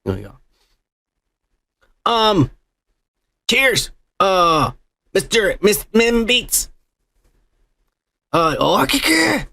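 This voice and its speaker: A man's voice: high voice, very animated, very slow, creaky, long pauses, sharp tone. A man hosting a podcast in crude, profane casual chat, reading listener comments aloud and joking with his co-host.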